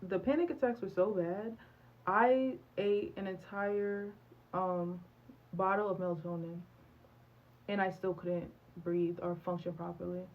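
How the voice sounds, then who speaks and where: Young adult woman, candid storytime vlog voice, animated delivery, slightly dull recording. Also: fairly low pitch, a little slow. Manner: animated, candid, acts out dialogue with many fillers. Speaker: vlogger.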